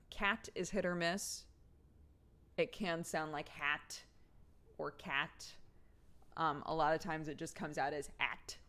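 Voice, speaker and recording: A young woman streamer reads chat and talks casually with her viewers, giggling and rambling as she tells stories. Her voice is low and a bit bright.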